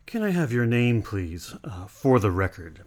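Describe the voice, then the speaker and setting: A deep-voiced, patient interviewer. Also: female voice, big pitch swings, a little slow, darkish tone, heavily acted. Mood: firm. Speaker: police interviewer.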